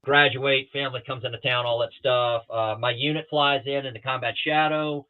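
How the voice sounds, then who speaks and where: A middle-aged man from the Southeastern United States speaks over a thin, boxy call line that sounds like a telephone. He is a guest pilot recounting his flying days in a podcast interview at a medium pitch. He tells it animatedly and slips into the voices of the people in his stories. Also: moderate pace, smooth. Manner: lively storyteller who acts out other people's lines. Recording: thin phone-like remote call audio.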